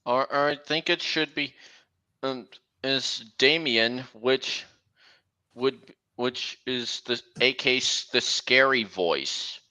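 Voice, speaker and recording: A young man hosting a casual livestream, talking in a halting way with many restarts. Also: medium pitch, sharp tone, clear, resonant tone, poor audio. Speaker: livestream host. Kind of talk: casual stream chat.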